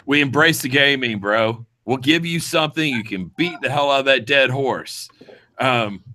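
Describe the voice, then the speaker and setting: A man's voice: mid-range voice, normal speed, pushed and bright. A man with a Georgia accent hosting a casual panel chat, blunt and profane, with frequent ums. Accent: Georgia, US South. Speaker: podcast host.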